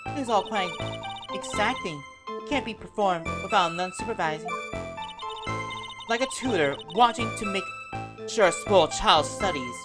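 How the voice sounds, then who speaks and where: Woman doing a chatty old nun witness, rambles on, loud music behind, middling voice. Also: medium pitch, expressive, moderate pace, long pauses, natural voice. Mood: explaining. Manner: folksy, rambling storyteller. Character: chatty older nun, witness with a bad back. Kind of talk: voiced game character.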